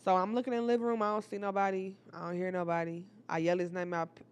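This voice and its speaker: A young woman telling a personal story to her viewers in a casual, animated, profane way, often calling out to the audience. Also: lowish voice, racing, clean tone.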